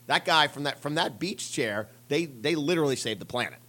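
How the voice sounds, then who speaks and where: A man's voice: a little high, animated, fairly quick, bright, forceful tone. A man in casual banter with friends, rambling and laughing as he retells film scenes. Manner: rambling, laughing, quotes lines from films.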